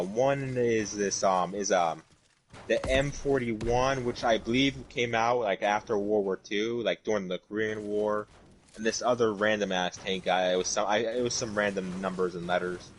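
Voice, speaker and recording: A man's voice: medium pitch, a little hiss or hum. A man chatting casually on a gaming talk show, hesitant with lots of fillers. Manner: hesitant, many fillers and restarts. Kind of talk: casual chat.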